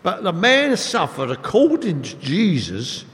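Animated male preacher in echoey hall. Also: high-pitched, unhurried. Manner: animated storytelling, emphatic. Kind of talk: sermon. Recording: echoey hall with long reverb.

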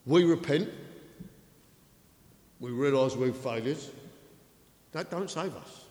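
A male preacher giving an excitable sermon, dropping to quiet asides and rising to loud acted-out quotes. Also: mid-range voice, slow. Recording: echoey hall with long reverb.

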